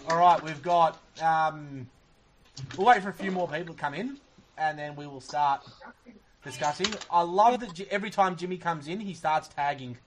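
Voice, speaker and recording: A man's voice: fairly high pitch, moderate pace. A man hosting a casual live podcast, swearing and laughing as he rambles. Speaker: podcast host. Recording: background noise.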